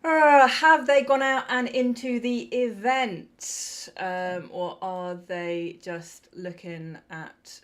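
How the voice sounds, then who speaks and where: A woman's voice: medium pitch, fairly even intonation, takes it slowly. A young adult woman co-hosting a podcast, telling stories in a chatty way with many ums and laughs. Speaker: podcast co-host. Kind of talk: casual chat.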